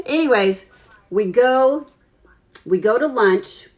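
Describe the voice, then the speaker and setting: A woman in her forties tells a story to her followers over a phone live stream. Her voice swings widely in pitch and breaks into laughter often. She swears casually and jumps up high and loud whenever she quotes herself. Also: expressive, takes it slowly, long pauses. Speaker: vlogger telling a story to followers.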